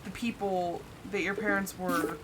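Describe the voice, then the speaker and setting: While gaming, a young woman streamer keeps up a casual chat, laughing a lot and dramatizing her own thoughts as game music plays behind her. Her medium-pitched voice is fairly even in intonation and a little slow, and the audio is very noisy.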